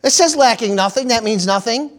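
A man's voice: very high-pitched, a little fast. A man preaching a sermon as pastor, calling out for amens and repeating key phrases for emphasis.

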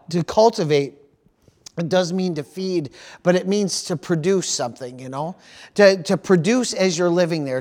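A middle-aged man preaching a sermon, repeating phrases and dropping in praise interjections as he goes. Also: high-pitched. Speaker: pastor.

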